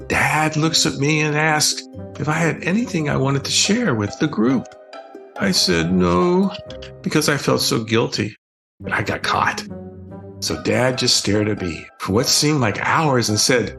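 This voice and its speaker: An older man reading a bedtime story aloud in a gentle, expressive storytelling manner. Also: mid-range voice, measured pace, vocal fry. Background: soft music.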